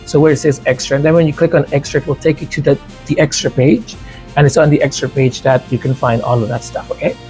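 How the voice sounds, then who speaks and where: Talking fast with fairly even intonation, a male music creator addresses his viewers in a fairly high, darkish voice while faint music plays in the background. A stutter causes him to repeat words, and his tongue tie makes some sounds hard to pronounce.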